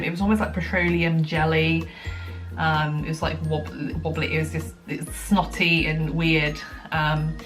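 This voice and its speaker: A woman's voice: sits low, a bit bright. A young woman chatting casually to camera at home, a little out of breath, rambling with lots of ums and likes. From United Kingdom. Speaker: vlogger. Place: at home, indoors.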